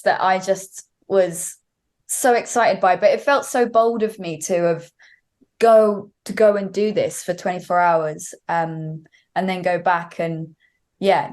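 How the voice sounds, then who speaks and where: In a fairly low, slightly mellow voice, a young woman singer chats casually as a guest on an interview show. She tells a story at length, using many fillers.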